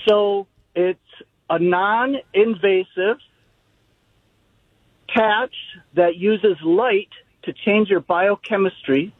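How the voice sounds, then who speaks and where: A man's voice: sits high, extremely slow, long pauses, no room sound. A man calling in to a radio show, playful and teasing with the host. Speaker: caller. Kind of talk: phone call to radio show. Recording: narrow telephone line.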